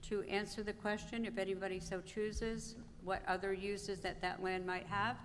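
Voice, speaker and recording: A woman's voice: mid-range voice, little pitch movement, moderate pace. A woman moderating a town meeting, firmly keeping speakers to time. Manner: firm, calls time on speakers. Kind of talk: chairing a public meeting. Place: large town meeting hall. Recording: echoey hall with clear background noise.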